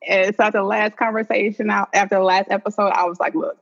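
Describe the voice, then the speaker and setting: A woman's voice: mid-range voice, level tone, fast, creaky. A woman co-hosting a relationship podcast, talking conversationally with many fillers and frequent laughs. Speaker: podcast co-host. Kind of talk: casual podcast chat. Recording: dull lo-fi sound.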